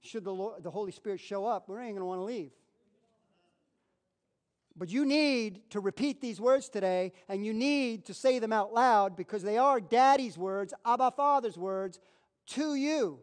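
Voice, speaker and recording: A man's voice: high voice, moderate pace. A man preaching a sermon as pastor, folksy and emphatic, leading his congregation to repeat declarations after him. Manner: leads congregation in call-and-response declarations.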